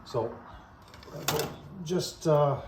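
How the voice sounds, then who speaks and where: A man's voice: fairly high pitch, very slow, noisy background. A man hosting his own channel, casually reviewing a gas grill while cooking and chatting to viewers in a folksy way.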